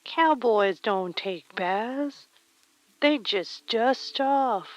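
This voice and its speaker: A woman's voice: fairly low pitch, normal speed, dry recording, natural voice, rough recording. A woman putting on a folksy cowboy voice, drawling homespun sayings. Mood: mock-wise.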